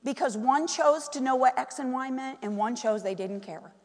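A woman preaching a sermon, animated and full of questions to the congregation. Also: high voice, normal speed, in a large hall. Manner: animated, asks the crowd many questions. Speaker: pastor's wife preaching.

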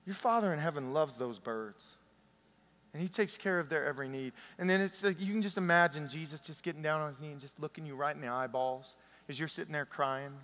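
A man preaching a sermon to a church congregation, swinging from loud emphatic peaks to soft, intimate passages. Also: fairly high pitch, fairly quick, in a large hall. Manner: passionate, rising to loud peaks then dropping soft and intimate. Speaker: pastor. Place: church sanctuary.

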